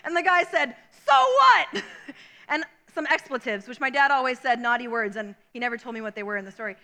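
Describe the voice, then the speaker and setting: A woman preaching a sermon, telling a family story and acting out its characters with loud, high shouts. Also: steady tone, quick pace, hardly any pauses.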